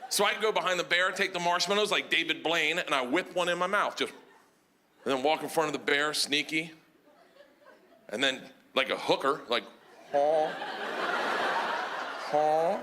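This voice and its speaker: A man doing stand-up, telling a wild story in a loud, animated way, jumping into shouts on the punchlines, recorded live on a club stage. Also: fairly high pitch, moderate pace. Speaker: stand-up comedian. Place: comedy club stage before a laughing audience. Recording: live club recording with audible audience noise.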